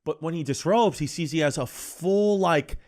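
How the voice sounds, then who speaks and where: A man's voice: fairly high pitch, normal speed, a little mellow. Rambling man telling a crude story. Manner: rambling storyteller, quoting people with 'he goes'; swearing, blunt. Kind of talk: casual anecdote telling.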